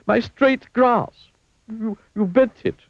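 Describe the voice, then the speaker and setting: A man's voice: medium pitch, huge pitch swings, fairly quick, slightly rough, no room sound, pitched above the performer's own voice, full character voice. A man voicing a fussy, prim, easily flustered grown man in a storybook reading. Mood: aghast. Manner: prim, fretful and exclaiming. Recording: dull lo-fi dry recording.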